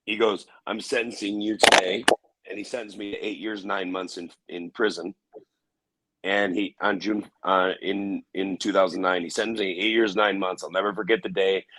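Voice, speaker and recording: A man telling a personal story in an interview, halting with restarts and fillers. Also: low-pitched, flat delivery, a bit bright, low-quality recording. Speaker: interview guest.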